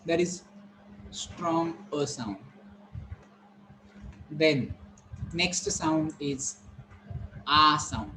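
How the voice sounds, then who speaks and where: Guy teaching vowels, real slow, bit of room hum behind. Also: fairly high pitch, sharp tone, rough recording. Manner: slow, repetitive, modelling each word carefully. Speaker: English pronunciation teacher. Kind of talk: classroom lesson on vowel sounds.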